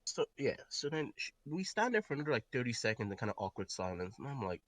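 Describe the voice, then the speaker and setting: A young man telling a story in a casual podcast chat, animated and swearing, with loud outbursts. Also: medium pitch, quick pace. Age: young adult. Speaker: podcast co-host.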